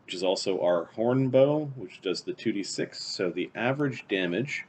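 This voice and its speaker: A man's voice: on the low side, animated, moderate pace, slight background noise. A man playing a tabletop game, talking casually and thinking aloud over numbers. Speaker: player.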